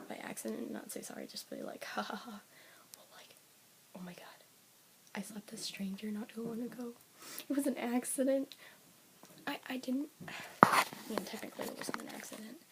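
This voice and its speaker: A woman vlogger talking casually to her viewers, rambling with many fillers and often slipping into a breathy half-whisper. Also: mid-range voice, poor audio. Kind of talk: casual talk to camera. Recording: clear background hiss with clicks.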